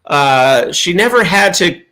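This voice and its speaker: A man telling a lively childhood story in casual chat, acting out the sounds and voices. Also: sits high, slow. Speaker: co-host.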